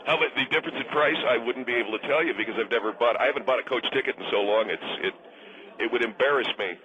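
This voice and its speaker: A man's voice: mid-range voice, very fast, phone-quality sound, voice pushed down, lightly acted. A man playing a pompous, bigoted, snobbish frequent flyer who talks in a smug, rambling, bullying way on a radio comedy bit.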